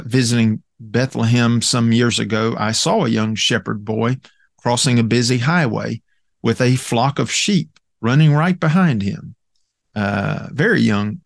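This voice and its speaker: A man's voice: medium pitch, vocal fry, no echo, studio quality. A man teaching a Bible study lesson in a conversational way, with many fillers and restarts as he quotes scripture.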